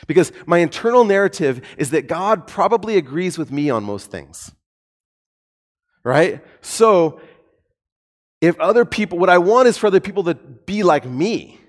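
A man preaching a sermon in a conversational, animated way with light humor. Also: sits high, normal speed. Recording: long hall reverb.

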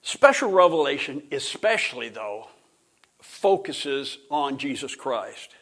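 A middle-aged man gives an informal Bible lesson, speaking at a mid-range pitch. He rambles, restarts his sentences and clears his throat often. Now and then he chuckles between points. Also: very animated, takes it slowly, fairly bright tone. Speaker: Bible teacher. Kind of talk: informal classroom lecture.

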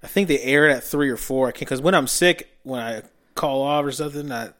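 Man, co-host, casual chat, laughs easily, mid pitch. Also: a little fast, a bit bright. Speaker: podcast co-host.

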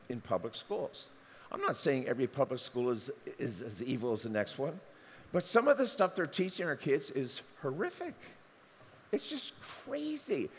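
A man preaching a sermon, animated and acting out the voices he quotes. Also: fairly high pitch, big-room sound. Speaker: pastor.

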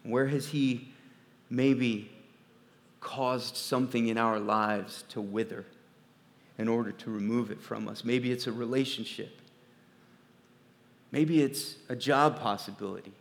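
A man preaching a sermon as pastor, swinging from quiet, low asides to loud, emphatic peaks. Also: steady tone, a little slow, long pauses. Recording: long reverb of a large hall.

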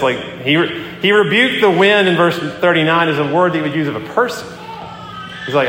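A man preaching a sermon as a pastor, talking in a conversational, animated way as he tells a story and acts out the quotes. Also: on the high side, brisk. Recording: echoey hall with long reverb.

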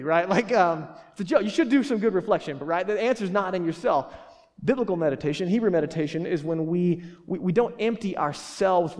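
A man preaches in a loose, joking way, circling back with fillers and quick restarts. His voice sits a little high for a man. The sound rings with the long echo of a church hall. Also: a little mellow. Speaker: pastor. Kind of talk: sermon.

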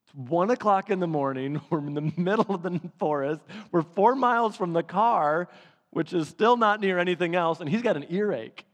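A man preaching a sermon, telling a story with laughs and lively energy. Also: sits high, normal speed. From Michigan. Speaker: pastor. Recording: long hall reverb.

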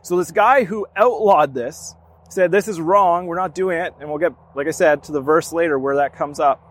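A man's voice: a little high, moderate pace. A man teaching a sermon, reading scripture aloud and explaining it in a conversational way. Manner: conversational, reads scripture then explains with restarts. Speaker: pastor.

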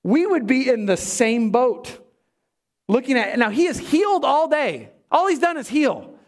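A pastor delivering a sermon, emphatic and animated, with humorous asides to the congregation. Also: male voice, very high-pitched, a little slow.

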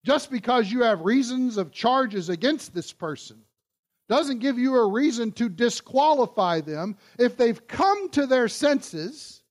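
A male pastor giving a sermon, emphatic and asking his listeners questions. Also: extremely high pitch.

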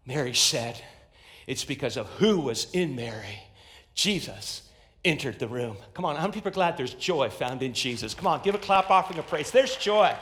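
A man preaching a sermon, swinging from hushed, slow lines to sudden shouted climaxes. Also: on the high side. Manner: dynamic, swings between loud and hushed. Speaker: pastor.

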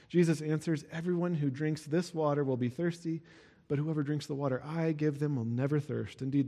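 A male pastor preaching in a relaxed, conversational way, with a voice pitched a little higher than most men's. The sound carries a long reverb, as if recorded in a large hall. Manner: explains verses with a casual, conversational aside. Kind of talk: sermon.

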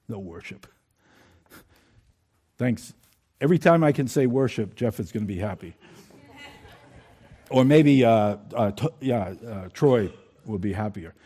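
A man's voice: mid-range voice, lively intonation, measured pace, long pauses, mellow. A man preaching a sermon in a conversational way, asking his congregation questions. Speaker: pastor.

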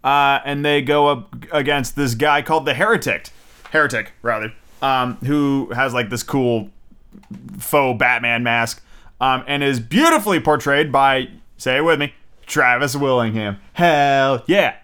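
Bright-voiced man rambling through a review. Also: mid-range voice, a little slow, clear, resonant tone. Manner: rambling and excitable, full of fillers and swearing. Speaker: movie reviewer. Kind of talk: casual spoken review.

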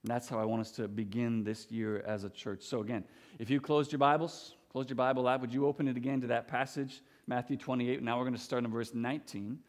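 A man's voice: medium pitch, flat delivery, a little fast. A young man preaching a sermon as pastor, earnest and emphatic, often restarting his words. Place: church sanctuary. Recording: long church hall reverb.

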